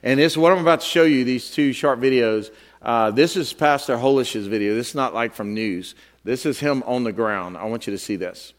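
Man, pastor, church auditorium, conversational sermon, mid-range voice, fillers and restarts, lively storytelling. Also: normal speed, a little hiss or hum. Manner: pitch jumps up and grows loud when acting out a story. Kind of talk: sermon with an animated, joking story.

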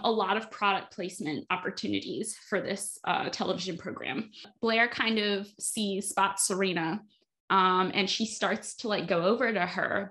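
A woman's voice: mid-range voice, sharp tone. A woman hosting a casual podcast, recapping an episode in a chatty way with lots of fillers. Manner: chatty, frequent fillers, acts out quotes. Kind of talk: casual chat.

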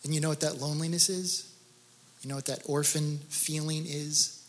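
In a large hall, a guest speaker with a fairly high pitch and level tone shares his faith story with a church gathering at normal speed. The testimony sermon is earnest and narrative, rising to moments of intense emphasis.

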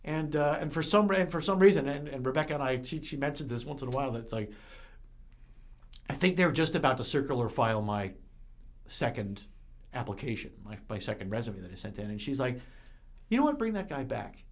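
A man's voice: mid-range voice, brisk. A man talking casually and emotionally about his work, with frequent false starts and restarts. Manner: emotional, rambling storyteller with many restarts. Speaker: guest, recovery center manager. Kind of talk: casual conversation.

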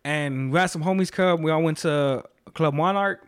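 A man in his twenties telling animated stories in casual chat, full of slang and swearing, acting out his relatives. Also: fairly high pitch, moderate pace, smooth. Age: 20s.

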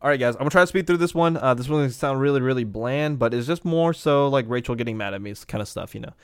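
A man's voice: mid-range voice, fast talker, smooth, no room sound, clean studio sound. A man from the United States co-hosting a podcast, telling stories in a rambling, joking way and laughing often. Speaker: podcast co-host. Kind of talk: casual storytelling chat.

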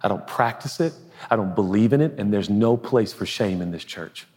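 A pastor preaching a sermon in an earnest, conversational way, now and then dropping to a hush. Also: male voice, on the low side, lively intonation, normal speed, long reverb tail. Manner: earnest, conversational preaching with sudden hushed asides. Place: large auditorium.

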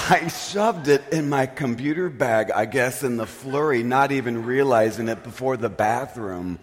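A man preaching a storytelling sermon as pastor, animated and poking fun at himself. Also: mid-range voice, takes it slowly, a little hiss or hum. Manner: animated, self-mocking storyteller. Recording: long reverb of a large hall.

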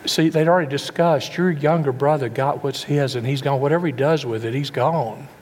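A man preaching a sermon. His voice is mid-pitched and rings with a long reverb through a large hall, over a faint background hum. He keeps asking his listeners questions and often restarts a word mid-phrase. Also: brisk, darkish tone. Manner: rhetorical questions and stumbling repeats.

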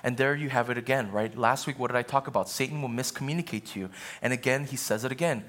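A man's voice: medium pitch, fast talker, fairly bright tone. A male pastor preaching a sermon in an earnest, conversational way, with asides to the congregation.

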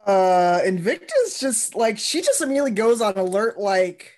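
A woman's voice: medium pitch, very animated, moderate pace, darkish tone. A woman playing a tabletop game, describing her character's actions with lots of "like". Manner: giggly, lots of "like". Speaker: player.

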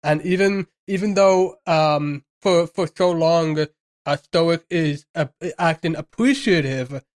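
A man's voice: on the high side, slow pace. Rambling man chatting about a film. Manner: rambling, many restarts and fillers. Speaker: podcast co-host. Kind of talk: casual film discussion.

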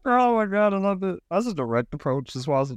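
A man's voice: high-pitched, very animated, clean tone, no room sound. Laughing man in casual podcast chat. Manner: laughs often, quick reactions, loose storytelling. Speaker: podcast co-host.

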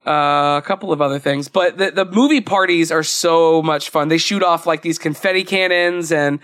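High-voiced chatty young man. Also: normal speed, a bit bright. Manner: chatty, rambling, laughs often. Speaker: podcast co-host. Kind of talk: casual chat.

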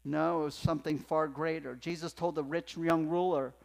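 In a church sanctuary with long hall reverb, a male pastor preaches an emphatic sermon, dropping to a hush before rising into loud passages. His voice is somewhat high for a man, gravelly and steady in tone, at a moderate pace with few pauses.

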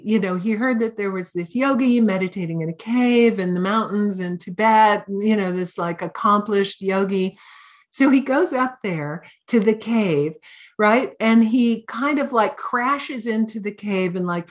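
A middle-aged woman teaching as a Buddhist teacher, giving a conversational dharma talk with lively storytelling and casual fillers. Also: medium pitch, moderate pace.

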